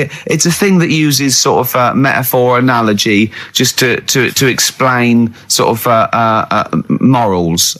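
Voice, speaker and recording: A man hosting a casual radio chat, playful and quick to laugh, explaining things with many restarts. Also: mid-range voice, a bit bright. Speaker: radio show host.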